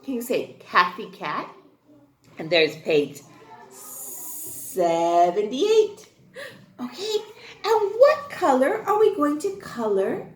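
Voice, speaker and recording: A kindergarten teacher speaks in a high, very lively voice that swoops up and down. She takes her time, answering her own questions and cheering the children on. Her voice rings out in an echoey room. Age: adult. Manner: sing-song, asks questions and answers them herself; slow, clear and encouraging. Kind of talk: online class lesson.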